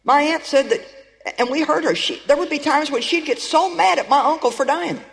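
A woman preaches with emphatic, storytelling fervor, calling out to her congregation and now and then rising to a shout. Her voice rings with the long reverb of a large hall. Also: high voice, a little fast, creaky. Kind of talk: sermon.

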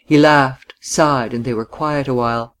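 A narrator reading a novel aloud in a measured, even way. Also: mid-range voice.

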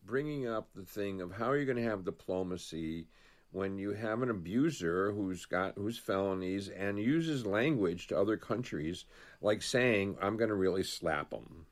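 A man co-hosting a casual political talk show, rambling and animated, telling stories with many restarts. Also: lowish voice, measured pace.

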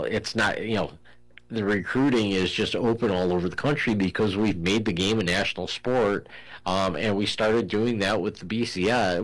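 Man, very low voice, casual sports-talk host, loose and rambling, leans heavily on fillers. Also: fairly bright tone, rough recording. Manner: rambling, heavy use of "you know" fillers; thinks aloud with frequent restarts.

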